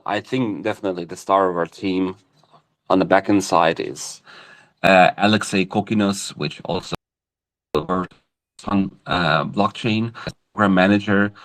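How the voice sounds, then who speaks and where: A man with a lowish voice speaks in a loose, halting way, pausing on fillers and restarting his sentences. He answers interview questions over an online voice call in a relaxed, casual manner. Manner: hesitant, many fillers and restarts. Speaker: project co-founder, guest. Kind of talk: casual interview answers on a live audio chat.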